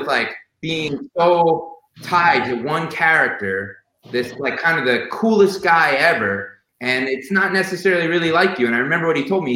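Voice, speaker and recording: Man reminiscing casually, bright tone, roomy echo, faint background noise. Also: medium pitch. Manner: warm reminiscing with many fillers and restarts. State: emotional, near tears. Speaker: guest sharing memories of a late friend. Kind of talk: casual storytelling on a podcast.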